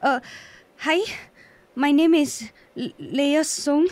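A woman's voice: sits high, slow, darkish tone, no room sound. An actress playing an anxious, polite young woman who talks hesitantly and formally. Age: young adult. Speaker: exorcist's niece.

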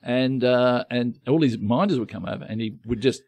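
Gravelly Australian man telling rambling stories. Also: medium pitch, moderate pace, a little mellow, no echo. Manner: rambling, self-deprecating storyteller with many restarts. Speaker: podcast co-host. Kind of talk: casual comedic chat.

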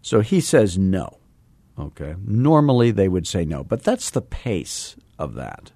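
A man hosting a casual podcast as a sales coach, talking fast and mixing in self-deprecating jokes while he teaches. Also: sits low, big pitch swings, warm tone, dry recording. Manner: fast-talking, admits talking too fast. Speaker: real estate sales coach and host.

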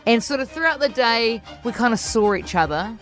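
A woman, a podcast host telling an animated story in casual chat and acting out her own quotes. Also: normal speed, faint music behind. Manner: lively, acts out her own quotes in a higher voice.

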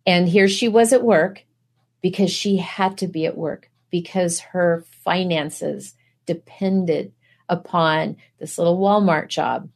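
A woman's voice: lowish voice, takes it slowly, vocal fry. A middle-aged woman giving an earnest preaching testimony, pressing her listeners with rhetorical questions. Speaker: guest speaker.

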